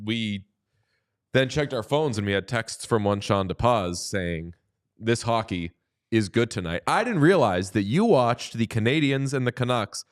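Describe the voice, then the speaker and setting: A man's voice: mid-range voice, expressive, a little slow. A man hosting a sports podcast in casual chat, playful and teasing. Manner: playful, teasing, jumps into sing-song bits. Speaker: podcast host.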